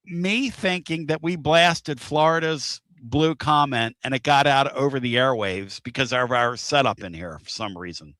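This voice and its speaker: A male host rambles through a casual live-streamed talk show in a folksy, repetitive way. His voice is bright and forceful. The sound is dry and close. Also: medium pitch, normal speed, hardly any pauses, no echo. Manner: rambling, repeats himself, folksy.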